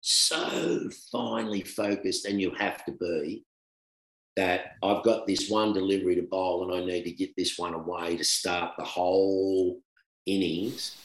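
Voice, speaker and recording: In a roomy, echoing recording, an Australian former pro cricketer shares cricket tales as a guest in relaxed storytelling conversation. His voice is low-pitched and unhurried, and he jumps between loud and hushed moments, laughing as he goes.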